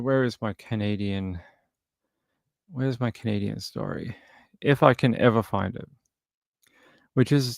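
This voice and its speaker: Male live-stream host, mid-pitched, dry close sound, loose joking banter. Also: no room sound. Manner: joking, rambling, chats with viewers. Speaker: true crime livestream host. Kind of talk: casual live-stream chat.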